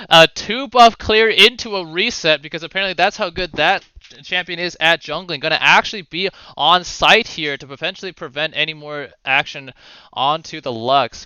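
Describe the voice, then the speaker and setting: A man giving casual play-by-play commentary on a video game match, with quick calls and the odd swear. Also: on the high side, bright, forceful tone, clean tone, no room sound, lo-fi sound. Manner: fast play-by-play with swearing and asides. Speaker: esports caster.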